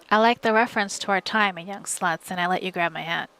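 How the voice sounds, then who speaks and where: A woman streamer reading a novel aloud live from home, in steady, wry first-person narration. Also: lowish voice, fast talker, few pauses, soft background music.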